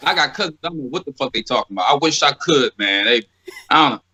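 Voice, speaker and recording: A man's voice: mid-range voice, expressive, fast, sharp tone, breathy edge, low-quality recording. A man talking casually as a guest on a podcast, a laid-back storyteller who laughs often.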